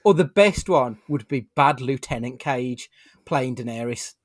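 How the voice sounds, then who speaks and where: A man's voice: mid-range voice, animated, unhurried, no room sound, clean studio sound. A man hosting a casual film podcast, joking and swearing freely while he leads the chat. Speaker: podcast host.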